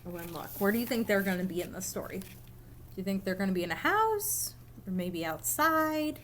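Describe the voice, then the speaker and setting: A woman teacher reading a picture book aloud to young children in a recorded lesson, playful and animated. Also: medium pitch, brisk, slight background noise.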